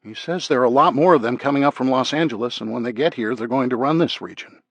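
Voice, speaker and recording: A man's voice: mid-range voice, fast talker, a bit bright, no room sound, muffled recording, voice pushed up. A man voicing a woman who interprets an interrogation in an audiobook. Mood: translating. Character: woman interpreter relaying threats.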